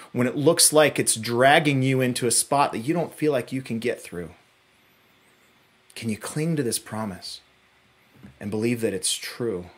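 Husky-voiced man preaching earnestly. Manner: earnest, swinging between hushed low phrases and rising urgent peaks. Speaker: pastor. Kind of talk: sermon.

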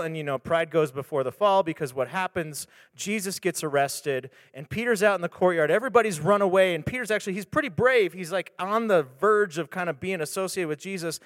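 A man with a slightly higher voice talks like a pastor, candid and chatty. He retells a story loosely with restarts and asides. His voice carries a long reverb tail. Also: fairly quick, few pauses, fairly bright tone, studio quality. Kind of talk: casual devotional talk on scripture.

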